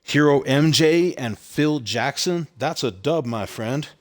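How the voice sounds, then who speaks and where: A man's voice: medium pitch, expressive, slow. A man streaming a video game late at night, chatting casually and rambling, slightly out of breath with audible heavy breathing. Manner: chatty, rambling, repeats phrases. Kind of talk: casual live-stream chat.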